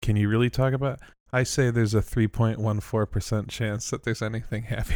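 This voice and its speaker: A man co-hosting a podcast in casual chat, joking and animated, often bursting into laughter. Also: on the low side, fairly quick, no room sound, studio quality. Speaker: podcast co-host.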